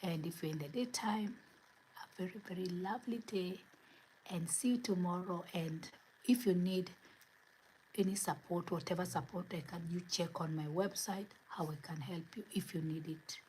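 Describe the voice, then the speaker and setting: Woman, host, earnest spiritual motivational talk, repeated rhetorical questions, breathy trailing words, fairly low pitch. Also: normal speed, a little mellow, a little hiss or hum, low-quality recording.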